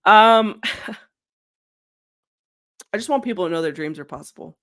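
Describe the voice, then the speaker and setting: A woman's voice: mid-range voice, expressive, moderate pace, long pauses, a bit bright. A woman working as a sports journalist, speaking as a guest in a casual interview over a video call. She is candid and talkative and laughs easily.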